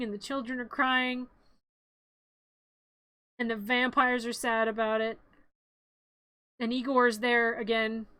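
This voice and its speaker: A woman with a high, bright voice gives an animated, rambling play-by-play of a film on a casual stream, cracking jokes as she goes. The sound is dry and close. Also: takes it slowly, long pauses, clear, resonant tone, no room sound.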